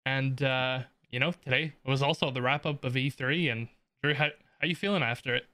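A man hosting a podcast in relaxed, easygoing casual chat. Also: medium pitch, brisk, dry recording. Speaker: podcast host.

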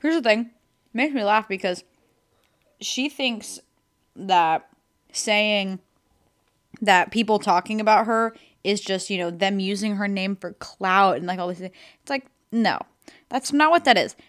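A woman's voice: mid-range voice, fairly bright tone. A young woman hosting a podcast in casual chat, rambling and filling her sentences with "like". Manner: rambling, fills every pause with "like". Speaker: podcast host.

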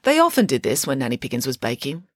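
A woman narrating a children's audiobook in a lively, expressive way. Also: rumbling low, fast talker, no echo, studio quality.

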